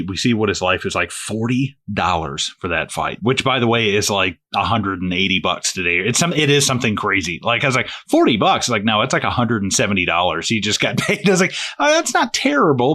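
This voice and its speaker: A man co-hosting a movie podcast in casual chat, animated and profane, laughing often. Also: lowish voice. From United States. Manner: animated, swearing, laughs often, slips into loud impressions. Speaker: podcast co-host.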